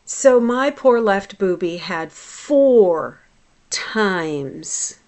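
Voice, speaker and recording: A woman in her forties tells her own story straight to the camera, blunt and full of swearing. She drops into low, grumbling asides, then flares up loud when something sets her off. Her voice sits in an ordinary middle register. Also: animated, drawn-out words. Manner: blunt and profane, swinging between low muttering and loud outbursts. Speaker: hypnotherapist. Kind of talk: personal vlog storytelling.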